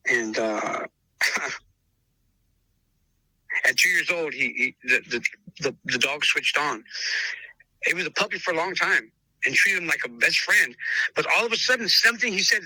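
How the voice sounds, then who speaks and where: A man's voice: fairly high pitch, pushed and bright, husky, no echo, poor audio. A man who breeds dogs, telling stories in a casual interview and acting out both sides of past conversations, often calling the listener brother. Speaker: dog breeder.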